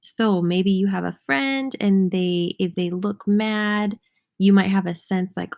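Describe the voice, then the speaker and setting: A young adult woman teacher giving a slow, clear lesson for young children, patiently spelling words out letter by letter. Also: mid-range voice, darkish tone.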